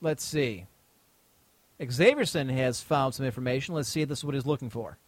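A man's voice: mid-range voice, normal speed, no echo. A man hosting a casual podcast chat, rambling and swearing as he reads listener mail and trails off mid-sentence. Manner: rambling, profane, trails off while reading. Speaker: podcast host.

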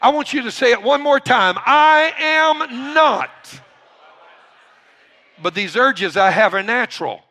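A male pastor preaching a sermon, slowing down to stress key points and building up to shouting. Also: high-pitched, lively intonation. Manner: emphatic, builds from quiet to shouting; slows down to stress key words.

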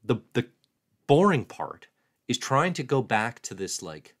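A man's voice: medium pitch, big pitch swings, a little slow. A man hosting a casual livestream, joking and mocking himself as he answers viewer questions aloud. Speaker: comics livestream host.

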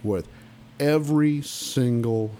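A man's voice: medium pitch, takes it slowly, mellow, a little hiss or hum. A man being interviewed on a podcast, telling stories from his youth bluntly and emphatically, with frequent restarts. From Oklahoma. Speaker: guest musician. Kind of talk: casual podcast interview storytelling.

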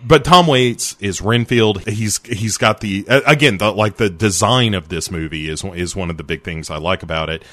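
A man co-hosting a casual movie review podcast, telling stories with wry, animated asides. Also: on the low side, normal speed, few pauses, no echo. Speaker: podcast co-host.

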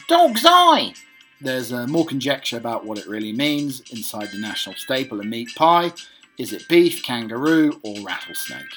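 A man hosting a relaxed show, working through lists item by item and breaking off to gush about them. His voice is bright and sharp-edged, with faint music underneath. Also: medium pitch. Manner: reads items one by one with enthusiastic asides. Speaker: host. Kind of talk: casual read-through of lists.

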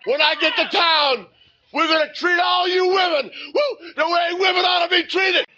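A man's voice: very high voice, fairly even intonation, normal speed, lo-fi sound, voice pushed up. A man doing a rowdy party guy who hollers at women and whoops. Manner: whooping, shouted.

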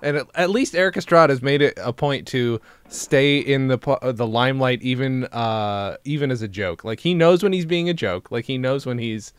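A man's voice: medium pitch, moderate pace, hardly any pauses, clear, resonant tone, no echo. A man hosting a casual interview, joking and encouraging his guest. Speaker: podcast host.

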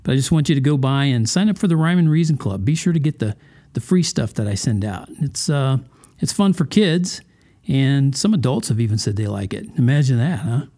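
A man's voice: mid-range voice, animated, fairly quick, mellow. A man hosting a religious podcast, talking to the listener in a folksy, conversational way and often asking questions. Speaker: podcast host. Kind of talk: casual religious podcast monologue.

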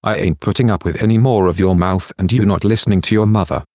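A man's voice: low-pitched, fast talker, darkish tone, no echo, studio quality, natural voice. A man voicing an angry, violent stepfather who swears and threatens in harsh bursts. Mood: angry threatening. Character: angry violent male stepfather, bullying and crude.

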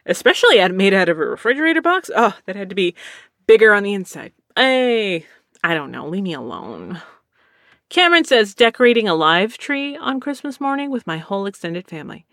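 A woman's voice: mid-range voice, sing-song, brisk, fairly bright tone, no echo, clean studio sound. A woman with a lisp, chatting casually and rambling as a streamer reads out viewer comments, laughing often. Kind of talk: casual chat.

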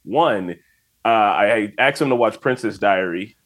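A man chatting as a podcast guest, telling lively stories and acting out what his friends said. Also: on the low side. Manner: fast animated storytelling with put-on quotes. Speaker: guest, YouTube reaction channel host. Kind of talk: casual podcast chat.

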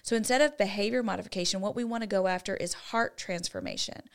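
A woman's voice: medium pitch, fast, gravelly. A woman co-hosting a Christian parenting talk show, explaining her approach in an earnest, teaching manner. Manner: earnest and teaching, with lively shifts in volume. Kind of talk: faith-based parenting talk.

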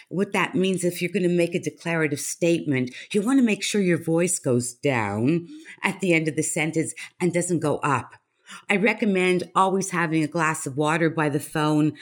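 A woman presence coach in an interview, talking in an assured, advice-giving way and laughing easily. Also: on the low side. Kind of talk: conversational interview.

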